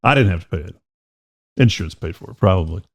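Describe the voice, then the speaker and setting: A man's voice: low voice, lively intonation, quick pace, creaky. A middle-aged man, a podcast host and former radio DJ, telling rambling, profane stories in casual chat.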